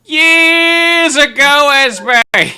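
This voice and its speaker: A cranky old man hollering in a high, cracking voice from off in another room, as a man puts him on. It sounds bright and strained, stretched out with exasperation. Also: drawn-out words, heavily acted. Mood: cranky shouting. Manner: loud, cracking, exasperated shouting.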